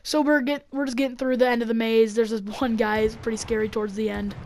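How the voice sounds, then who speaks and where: A young woman rambling through a story on her channel, full of fillers and quick laughs. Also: fairly high pitch, flat delivery, darkish tone, a little hiss or hum. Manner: rambling, filler-heavy, laughing between lines. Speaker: YouTuber. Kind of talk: casual storytelling.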